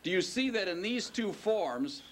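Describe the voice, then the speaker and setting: Against a noisy background, a man with a high voice and lively intonation teaches a Hebrew class. He lectures, poses questions to the students, and draws out the words he emphasizes.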